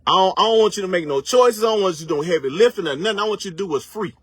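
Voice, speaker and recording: He's an online commentator, high-pitched and animated, with a slightly bright, husky tone captured in clean studio sound with no room sound. His motivational rant is casual and profane, built on slang and rhetorical questions. He preaches, drawing out words for emphasis.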